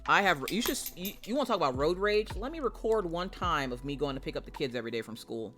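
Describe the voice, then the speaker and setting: A woman streamer in casual live chat with her viewers, a brash, profane, jokey storyteller who breaks into loud mock rants. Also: low voice, very animated, fast talker, few pauses, over music. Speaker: streamer chatting with viewers while painting.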